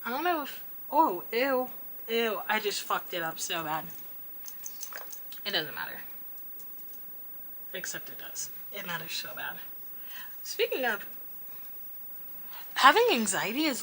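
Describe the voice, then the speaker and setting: A woman's voice: mid-range voice, expressive, unhurried, long pauses, pushed and bright, a little hiss or hum, poor audio. A young woman vlogger rambling candidly late at night, self-deprecating and swearing often as she vents.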